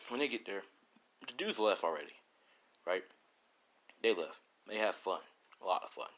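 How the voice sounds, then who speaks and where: A man's voice: low voice, big pitch swings, normal speed, a bit bright. A man casually narrating a fan story, rambling with slangy, profane asides.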